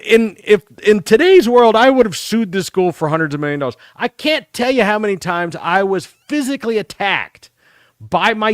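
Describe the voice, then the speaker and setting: A middle-aged man hosting a talk show, telling rambling, profane stories about his school days in a casual, animated way. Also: high-pitched, no echo, studio quality. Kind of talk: casual storytelling.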